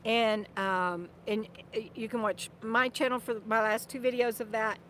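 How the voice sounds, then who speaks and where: A woman's voice: on the high side, fairly even intonation, moderate pace, fairly bright tone, slight background noise. An older woman vlogger chatting casually on a live stream, rambling and restarting her sentences, laughing often and turning aside to talk to her dog. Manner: speaks to her dog between remarks. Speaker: vlogger and author.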